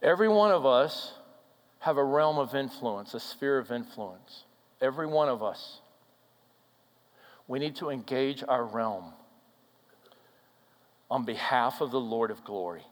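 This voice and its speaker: A man preaching from the pulpit, telling a story and then driving the point home. He moves between loud, ringing declarations and quiet, intimate near-whispers. His voice carries a long reverb off the sanctuary walls, with a mid-range pitch. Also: unhurried, long pauses. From Minnesota, USA. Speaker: pastor. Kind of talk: sermon. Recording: hall reverb.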